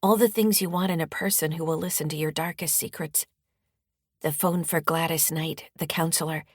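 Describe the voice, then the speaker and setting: A woman author narrating her own mystery-thriller audiobook in the first person, steady and firm in the mother's dialogue. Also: low-pitched, no echo, clean studio sound. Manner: steady storytelling, rising firmly in the mother's lines.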